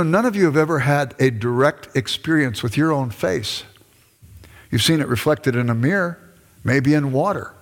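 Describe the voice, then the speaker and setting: An older man giving a classroom lecture, animated and conversational, with self-deprecating asides. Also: medium pitch.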